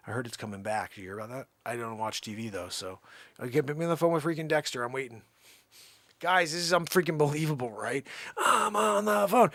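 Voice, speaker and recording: A man's voice: medium pitch, fairly bright tone, dry recording. A young man hosting a livestream, doing a rambling, mock-indignant one-sided phone call bit. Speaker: livestream host.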